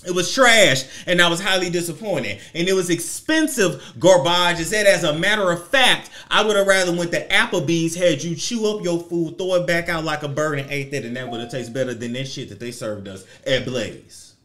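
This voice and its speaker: A man giving a sassy, profane, theatrical commentary rant, swinging his pitch and volume around. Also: moderate pace, few pauses, pushed and bright. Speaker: commentary vlogger.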